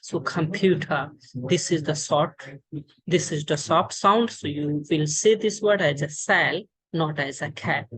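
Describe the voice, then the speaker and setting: Her voice sits low and a bit bright: an Indian woman with an Indian accent teaching English pronunciation online. She stumbles along with lots of fillers and restarts, repeating words, and the screen-share audio is poor.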